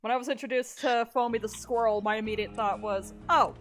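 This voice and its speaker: A woman's voice: on the high side, fairly even intonation, fast talker, faint music behind. A woman playing a game on stream, chatting casually with dry, offhand remarks. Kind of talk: casual chat while gaming.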